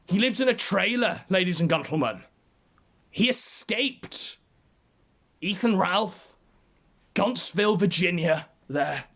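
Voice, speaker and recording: Sardonic, theatrical man, high lively voice. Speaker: show host. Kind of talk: mocking livestream commentary.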